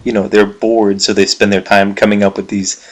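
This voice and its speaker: A man giving relaxed, chatty commentary on a game he plays for viewers, fond of its writing. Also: on the low side, moderate pace. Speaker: let's player. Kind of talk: gameplay commentary.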